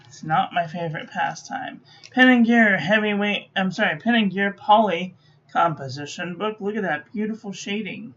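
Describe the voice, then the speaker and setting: A sleepy woman giving dry, low-key commentary while testing ink on paper. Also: normal speed, fairly bright tone. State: sleepy, yawning. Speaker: stationery reviewer. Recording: dull lo-fi recording.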